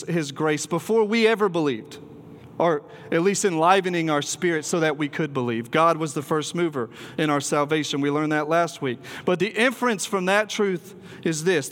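Earnest preacher in a reverberant hall. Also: male voice, on the high side, fairly bright tone. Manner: earnest, emphatic, with filler ums and restarts. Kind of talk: sermon.

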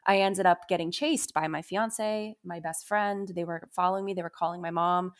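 A woman's voice: lowish voice, steady tone, moderate pace. A young adult woman, a musician guest in an interview, telling a personal story in a confessional way with lots of "you know" and "like".

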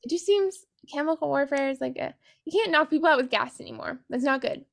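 High, gravelly woman recapping a book. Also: fast. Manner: sarcastic, profane, giggly. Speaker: book podcast host. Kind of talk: casual chat, retelling a novel.

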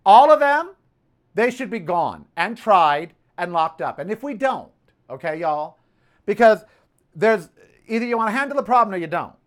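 A man's voice: high voice, very animated, normal speed. A man hosting his own podcast, ranting casually about politics and telling a story with sassy "honey" asides. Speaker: podcast host.

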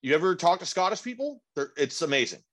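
A man's voice: high voice, sing-song, fast talker, fairly bright tone. A man in casual chat, blunt and profane, often restarting his sentences.

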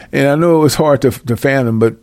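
A man's voice: medium pitch, moderate pace, a little mellow, no echo. A man reading Bible verses aloud and preaching over them in a blunt, confrontational and mocking way. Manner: reads verses aloud then explains them. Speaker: self-styled Bible teacher. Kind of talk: scripture reading with fiery commentary.

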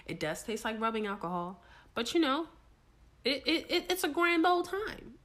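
Young woman, podcast co-host, animated and swearing, pitch swings wide, sits a bit high. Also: normal speed. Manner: animated, profane, laughing storyteller. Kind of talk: casual storytelling chat.

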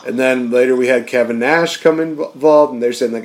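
A man co-hosting a relaxed podcast, his voice sitting in an ordinary middle register. He talks animatedly and breaks into quick impressions of wrestler promos before dropping back into easy chatter. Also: medium pitch. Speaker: podcast co-host. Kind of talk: casual chat.

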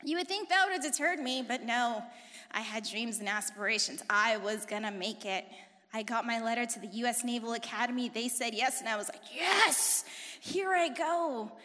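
A woman in her forties giving a personal testimony in church, talking fast and telling her story with animated, emphatic intensity. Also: on the high side. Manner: emphatic, rising to forceful intensity. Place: church sanctuary. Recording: long reverb of a large hall.

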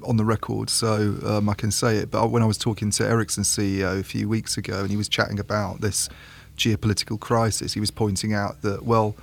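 Gravelly podcast co-host. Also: male voice, fairly low pitch, little pitch movement, brisk, few pauses. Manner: conversational, thinking aloud. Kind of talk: casual podcast chat.

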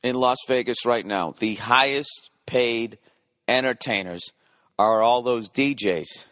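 A man's voice: mid-range voice, slow, fairly bright tone, no echo, studio quality. A man in his forties doing a rambling, profane comedic monologue, often interrupting and correcting himself. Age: 40s.

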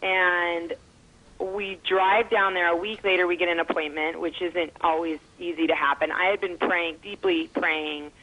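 A woman's voice: on the low side, steady tone, a little slow, highs cut off. Earnest mother telling her story. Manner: earnest, emotional storytelling with fillers. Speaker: guest, mother and foundation founder. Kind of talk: interview, personal story.

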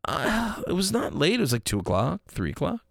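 A man in casual chat, rambling through an animated story, quoting himself and others along the way. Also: fairly high pitch, fairly quick, gravelly, no room sound, clean studio sound.

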